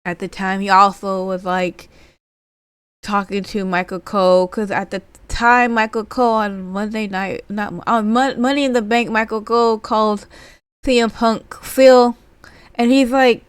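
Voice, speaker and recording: A woman's voice: medium pitch, steady tone, normal speed, clear, resonant tone, dry recording. A woman giving a casual, rambling spoken recap of a wrestling segment, full of fillers like "basically" and "like". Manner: rambling, filler-heavy retelling.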